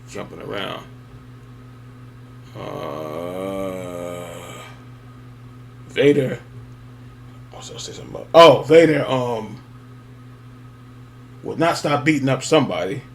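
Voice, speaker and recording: A man's voice: on the low side, vocal fry, a little hiss or hum. A man rambling casually to his viewers, with many fillers and chuckles. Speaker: wrestling fan vlogger. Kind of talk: casual nostalgic monologue.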